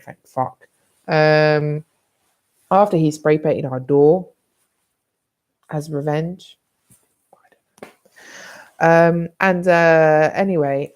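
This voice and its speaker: A British woman vlogging, telling a personal story in a candid, blunt, rambling way with some swearing. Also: on the low side.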